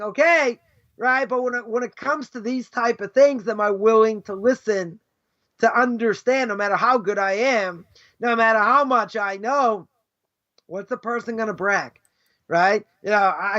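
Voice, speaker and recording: A man's voice: very high-pitched, moderate pace, pushed and bright. A man, a rabbi, giving a conversational Torah class, often tagging his points with "right?" and acting out what other people might say. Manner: conversational, keeps asking "right?"; acts out imagined speakers mid-lecture. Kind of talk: informal Torah lesson. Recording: dull lo-fi live stream.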